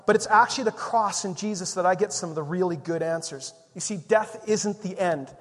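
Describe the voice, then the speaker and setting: High-voiced preaching man in an echoey hall. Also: a little fast, hardly any pauses. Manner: animated storytelling, swinging between loud and soft. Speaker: pastor. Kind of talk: sermon.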